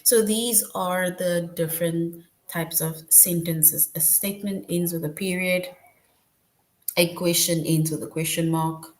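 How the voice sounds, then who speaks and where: Woman teacher for an online class, lowish voice, patient, step-by-step explainer who keeps checking in. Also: steady tone, a little slow. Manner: patient, repeats "right?" to check understanding.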